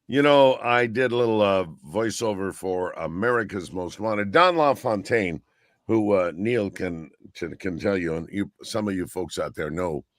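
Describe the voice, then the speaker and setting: A man's voice: sits low, no room sound, studio quality. A man on a radio-style chat show, telling rambling anecdotes and often looping back with "so anyway". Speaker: guest radio personality.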